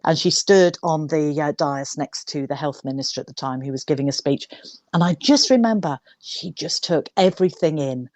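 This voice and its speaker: A woman's voice: sits low, moderate pace, darkish tone, dry recording. A woman broadcaster fondly recalling commentating on a royal visit, reflective and a little hesitant. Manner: reflective, fond, slightly hesitant. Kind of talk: interview recollection.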